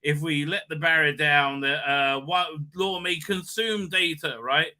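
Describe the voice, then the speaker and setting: A man's voice: on the high side, fairly even intonation, measured pace, pushed and bright. A man hosting a casual live recap stream, rambling with lots of fillers and cheerful swearing.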